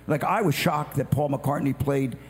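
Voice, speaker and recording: A man with a gravelly voice chatting with enthusiasm, full of restarts and eager agreement. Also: mid-range voice, moderate pace. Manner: enthusiastic, many yeahs and restarts. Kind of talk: casual chat. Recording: long hall reverb with faint hum.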